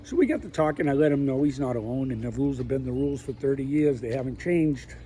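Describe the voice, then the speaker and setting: A man's voice: mid-range voice, fast talker, mellow, slight background noise, rough recording. Blunt, folksy middle-aged man rambling. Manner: candid, folksy, talks in plain blunt words. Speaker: vlogger. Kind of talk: rambling personal monologue. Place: outdoors, walking around his backyard pool.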